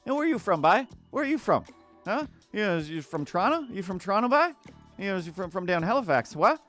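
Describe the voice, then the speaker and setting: A man's voice: high-pitched, very animated, fast talker, fairly bright tone, soft background music, pitched above the performer's own voice. A man voicing a nosy small-town local man, firing off prodding questions.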